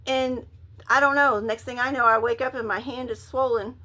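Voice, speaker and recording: A woman telling a wild personal story in a casual monologue, animated and full of swearing. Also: a little high, normal speed. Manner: animated, profane, acts out quotes loudly.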